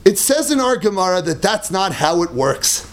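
A man teaching a Talmud class, animated and emphatic, mixing Hebrew and Aramaic terms into English and laughing at his own points. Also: high voice, moderate pace. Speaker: Torah teacher.

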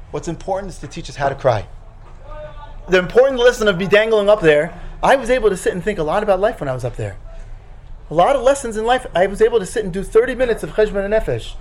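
A high-voiced man teaching a Torah lesson as a rabbi. He tells a personal story with lots of energy and acts out each line of dialogue himself, switching between the voices of the people in it. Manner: animated storyteller, acts out his own dialogue.

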